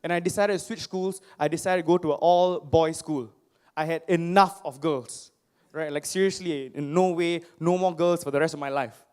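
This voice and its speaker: A young man, giving a personal storytelling speech to a live audience, animated and self-mocking, often asking the crowd questions. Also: on the high side, moderate pace, clean tone. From Singapore. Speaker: motivational speaker. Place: stage before a live audience.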